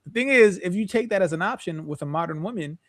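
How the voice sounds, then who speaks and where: A man co-hosting a podcast who fires off his points at a rapid clip. His voice sits a bit high and comes across emphatic and animated. The recording is dry and close. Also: no echo. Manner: emphatic, rapid and animated, with repeated rhetorical questions. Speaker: podcast co-host. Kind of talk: casual chat.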